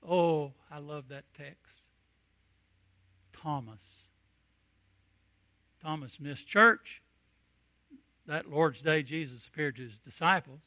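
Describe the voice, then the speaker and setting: Middle-aged guy preaching slow, bright voice, dead dry close mic, goes quiet then booms. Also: dry recording. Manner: storytelling, swings from hushed to booming emphasis. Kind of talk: sermon.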